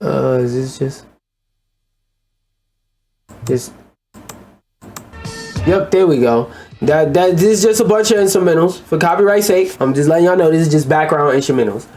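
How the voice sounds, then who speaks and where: A man's voice: a little high, moderate pace, pauses often, darkish tone, soft background music. A man giving casual, crude reaction commentary, rambling and stumbling over names as he reads through a list. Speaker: commentary YouTuber.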